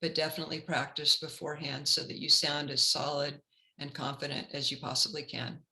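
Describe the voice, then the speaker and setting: Bright-voiced woman career counselor. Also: low-pitched, level tone, fairly quick, low-quality recording. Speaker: career counselor presenting a webinar. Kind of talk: webinar talk.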